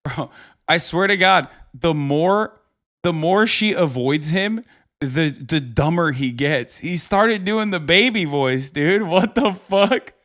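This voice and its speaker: A man's voice: fairly high pitch, animated, slow, a bit bright. A man in his thirties hosting a livestream, giving profane, exasperated reaction commentary. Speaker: livestream host.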